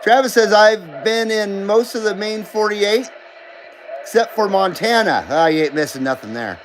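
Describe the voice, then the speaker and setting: A middle-aged man hosts a loose live stream, reading viewer comments aloud and joking back. His voice sits fairly high for a man, and he swears freely. A faint background hum runs under his talk. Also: animated, normal speed, rough recording. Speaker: livestream host. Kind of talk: casual live-stream chat.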